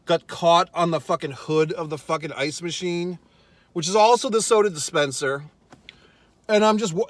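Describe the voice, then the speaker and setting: A man's voice: high voice, dry recording. A man telling a comic rant in a parked car, exasperated, swearing constantly and laughing at himself. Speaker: vlogger. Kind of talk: profane comedic storytelling rant.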